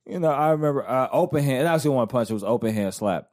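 A man's voice: mid-range voice, expressive, quick pace, darkish tone. A man in his thirties from the American South, hosting a casual chat and telling loose, rambling stories full of restarts. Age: 30s.

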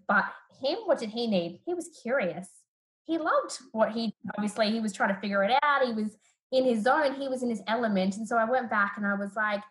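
A woman's voice: fairly high pitch, brisk, poor audio. Australian woman therapist, thoughtful. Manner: reflective, animated when retelling stories. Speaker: therapist guest. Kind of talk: podcast interview.

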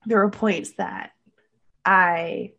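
A woman's voice: mid-range voice, fairly even intonation, drawn-out words, creaky, fairly bright tone, husky, muffled recording. A woman hosting a podcast, talking in a blunt, supportive way and swearing freely. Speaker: podcast host. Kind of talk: casual interview chat.

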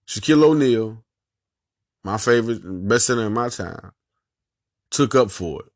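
A man with a Philadelphia accent hosting a sports podcast, ranting in an animated, emphatic, slangy way and repeating his points. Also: lowish voice, unhurried, no room sound, studio quality. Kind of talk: casual sports rant.

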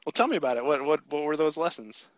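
Fast-talking man hosting a podcast. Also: fairly high pitch, lively intonation, no room sound, muffled recording. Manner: fast, encouraging, repeats words when starting phrases. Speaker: podcast host. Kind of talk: casual interview chat.

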